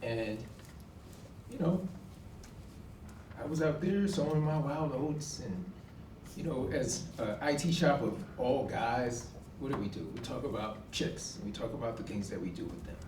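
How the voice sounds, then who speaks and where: A man in his forties telling a personal story on stage, animated and acting out the dialogue. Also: mid-range voice, a little slow, background noise. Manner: animated, acts out quoted dialogue with emphatic outbursts. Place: college event hall. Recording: echoey hall from far off.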